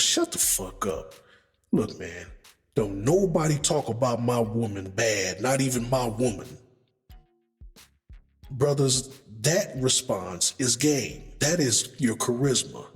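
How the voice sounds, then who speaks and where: Low-voiced man giving blunt relationship advice. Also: fairly bright tone, big-room sound. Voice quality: profanity-laced, emphatic. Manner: conversational, acts out quotes, addresses men as brothers. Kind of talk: casual advice monologue.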